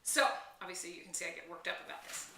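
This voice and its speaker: A woman hosting her own film vlog, gushing in an animated, chatty way to the camera. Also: lowish voice, quick pace, reverberant, far from the mic, slight background noise. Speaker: film vlogger host. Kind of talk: excited casual film chat to camera.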